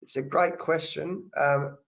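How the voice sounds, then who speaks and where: A man's voice: fairly high pitch, steady tone, slow pace, gravelly, fairly bright tone, muffled recording. Earnest Australian man telling his story. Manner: earnest and emphatic, repeats phrases for weight. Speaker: interview guest, cricket coach. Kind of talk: candid personal storytelling. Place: home study, indoors. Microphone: video call.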